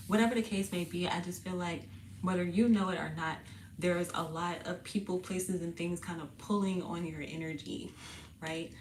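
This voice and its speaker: A woman hosts a casual tarot reading, talking in loose, slangy chat and laughing often. Her voice sits a little low and sounds a bit parched and husky. A faint hiss of background noise runs under her. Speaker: tarot reader and channel host. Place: indoors, sitting on the floor.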